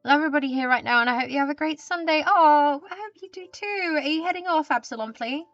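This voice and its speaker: Woman streamer, casual chat with viewers, muffled close mic, soft music behind. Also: high voice, fast talker, dry recording. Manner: chatty, greets viewers and reads their messages aloud. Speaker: live streamer. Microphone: desk mic with pop filter.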